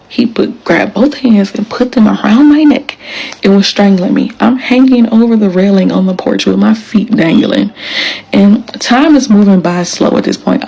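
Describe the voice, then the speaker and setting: A woman's voice: medium pitch, gravelly, warm tone, breathy edge, dull audio. A woman, telling the story of her marriage in casual, emphatic storytelling to camera, acting out quoted lines.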